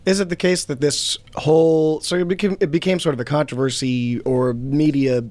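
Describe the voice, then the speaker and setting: A man's voice: fairly high pitch, steady tone, moderate pace, a little mellow, dry recording. A man hosting a casual political podcast, asking questions and steering the talk. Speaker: podcast host.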